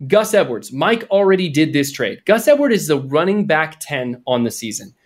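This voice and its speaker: A young man co-hosting a podcast, chatting casually and animatedly about fantasy football trades. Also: on the high side. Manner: animated, quick, jokey. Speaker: podcast co-host. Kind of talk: casual sports chat.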